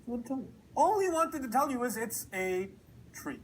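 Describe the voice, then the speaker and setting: A man giving a lecture on scripture, telling a story with lively rhetorical questions and acted-out quotes. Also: very high-pitched, moderate pace, a little hiss or hum, poor audio. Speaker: preacher. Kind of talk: Quran commentary lecture. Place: lecture hall.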